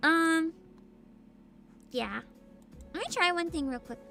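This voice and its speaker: Super high pitched sleepy girl streamer, slow drowsy talk, giggly, music behind. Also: animated, creaky, sharp tone. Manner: giggly, drowsy, reads chat aloud. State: sleepy and tired. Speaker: VTuber livestream host. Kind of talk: casual livestream chat.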